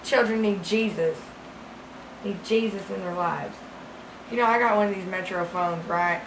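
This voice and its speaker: A woman's voice: medium pitch, moderate pace, background noise, lightly acted. A woman playing a crude rambling small-town gal. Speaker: comedy sketch host character. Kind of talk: deadpan comic monologue. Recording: roomy echo.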